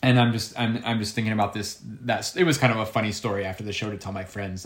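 Animated man telling a backstage story. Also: fairly low pitch, quick pace, hardly any pauses. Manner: animated, many restarts and repeated words. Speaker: circus performer, juggler. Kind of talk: conversational storytelling.

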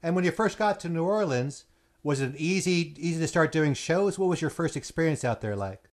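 A man's voice: a little high, expressive, brisk. A man hosting a podcast, asking questions and chatting casually with his guest. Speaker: podcast host. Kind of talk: casual interview chat.

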